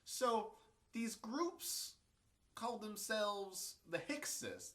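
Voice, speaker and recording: Crude joking history vlogger, bright voice that swings up and down a lot. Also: medium pitch, expressive, unhurried. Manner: irreverent, crude, rambling. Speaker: history video host. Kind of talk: casual comedic storytelling.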